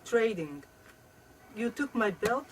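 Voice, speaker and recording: A woman, a native Japanese speaker, introducing her poems in a halting, soft-spoken way with many fillers. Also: a little high, sing-song, far from the mic, background noise. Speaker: poet and painter. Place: home.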